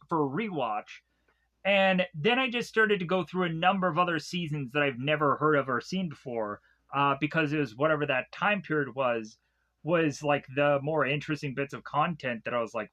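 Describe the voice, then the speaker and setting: A man's voice: a little high, moderate pace, bright, forceful tone, highs cut off. A man giving a rambling, casual episode recap, laughing often and swearing freely. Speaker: episode reviewer.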